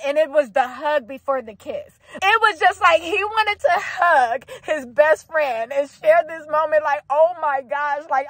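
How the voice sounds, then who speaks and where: A woman's voice: high voice, a bit bright, dry recording. A young woman giving a casual, gushing reaction to a TV episode, swearing freely and talking straight to her viewers.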